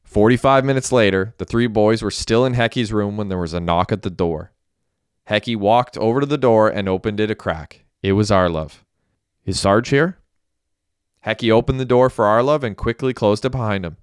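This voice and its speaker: A man reading a novel aloud in an even, steady storytelling manner. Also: lowish voice, a little fast, smooth, no echo, studio quality. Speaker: narrator. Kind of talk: audiobook narration.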